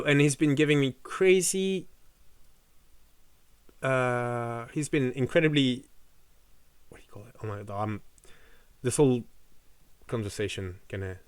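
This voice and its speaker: A man's voice: fairly high pitch, a bit bright, clear, resonant tone, dry recording, studio quality. Fired-up man streaming. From France. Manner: impassioned, swears often, rambling restarts. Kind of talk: casual live-stream chat.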